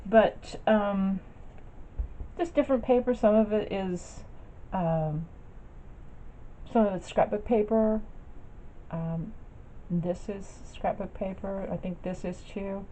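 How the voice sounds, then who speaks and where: A craft vlogger with a mellow mid-range voice takes her time, chatting casually as she shows off her projects. Her talk wanders, with lots of fillers and restarts. The clip has a dull, lo-fi quality and faint background noise.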